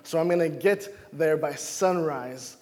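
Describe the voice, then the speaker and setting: Lively preacher from Wisconsin, high voice. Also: male voice, unhurried. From Wisconsin, United States. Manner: animated storytelling, acts out his own quoted lines. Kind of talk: sermon with personal stories. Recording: long hall reverb.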